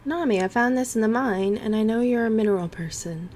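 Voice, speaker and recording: A woman reading out the lines of a sweet, friendly young man from a farming game, in a gentle, offhand way. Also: high-pitched, a little fast, a little hiss or hum, lightly acted. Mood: kind.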